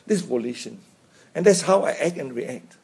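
A man's voice: on the high side, lively intonation, moderate pace, gravelly, darkish tone, slightly rough. A man giving an informal Buddhist dharma talk, chatty, chuckling often and checking in with "right?". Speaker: Buddhist teacher.

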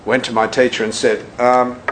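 A man's voice: mid-range voice, little pitch movement, moderate pace, slight background noise, low-quality recording. A man who teaches Buddhism and works as a shiatsu therapist, giving a casual talk full of anecdotes and acting out what people said. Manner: storytelling, acts out quotes, laughs at his own anecdotes.

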